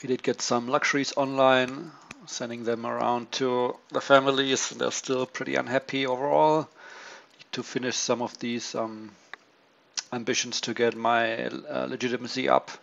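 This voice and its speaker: Gravelly man musing over a strategy game. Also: level tone, normal speed, fairly bright tone. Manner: thinking aloud, many ums, low-key. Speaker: strategy game player commenting his turn. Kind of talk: casual gameplay commentary. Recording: dull lo-fi mic with faint hiss.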